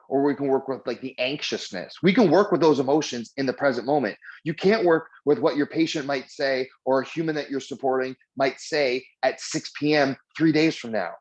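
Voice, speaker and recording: Here a male mindfulness trainer with a medium-pitched voice gives an informal lesson, the audio sounding dull. His storytelling is chatty and full of fillers, and he performs the characters' lines in animated voices.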